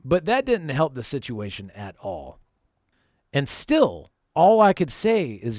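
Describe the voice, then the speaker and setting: Storytime vlogger from North Carolina, animated pitch, casual and swearing, dry close sound. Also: male voice, slow, no room sound. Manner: profane, conversational, emphatic. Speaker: vlog host telling a personal story.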